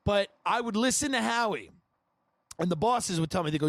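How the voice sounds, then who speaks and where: High-voiced man telling comic stories. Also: expressive, a bit bright, dry recording. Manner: rapid, rambling anecdotes with laughter and impressions. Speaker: podcast host. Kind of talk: comedic storytelling.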